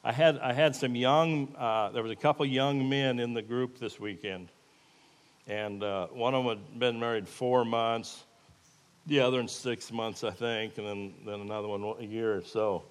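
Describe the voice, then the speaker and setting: A man's voice: mid-range voice, steady tone, moderate pace. A man giving an informal, plain-spoken sermon with a live demonstration, in an earnest, folksy manner. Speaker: lay preacher. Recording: echoey hall with long reverb.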